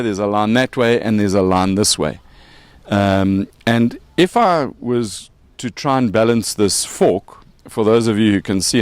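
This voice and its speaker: A South African man hosts a casual chat and explains things playfully, cracking jokes as he goes. His pitch bounces around in a lively way. The sound is dry and close. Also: dry recording. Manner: playful, joking, explains with props. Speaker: podcast host.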